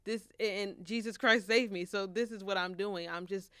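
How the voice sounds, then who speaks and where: A woman's voice: mid-range voice, fairly even intonation, moderate pace, bright, forceful tone, clear, resonant tone, dry recording, studio quality. A woman of twenty-one, a college senior and author, speaking earnestly and reflectively in a casual interview. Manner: earnest, reflective, with frequent restarts and laughs. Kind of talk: casual faith-centered interview.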